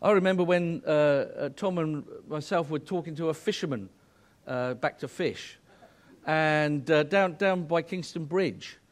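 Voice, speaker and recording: A man's voice: a little high, a little slow. A middle-aged man preaching a sermon to married couples, earnest and emphatic, rising to fervent exhortation.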